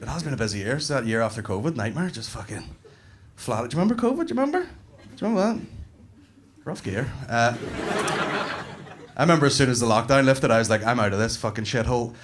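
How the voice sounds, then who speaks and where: A young man with a Northern Irish accent doing a sweary stand-up set, bantering with a live crowd. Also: medium pitch. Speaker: stand-up comedian. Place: comedy club stage before a live audience. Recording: live club recording with clear background noise.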